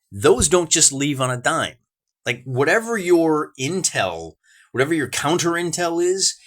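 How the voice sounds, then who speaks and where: A man's voice: mid-range voice, a bit bright. An American man hosting a wargaming show, chatting casually through the game with folksy asides and restarts. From United States. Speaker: wargaming channel host.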